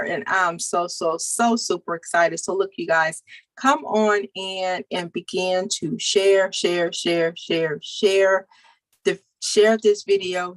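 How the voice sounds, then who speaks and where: A woman's voice: mid-range voice, low-quality recording. A woman hosting a live video stream, exuberant and upbeat, repeating her words as she hypes up the show. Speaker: host. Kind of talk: livestream hype talk.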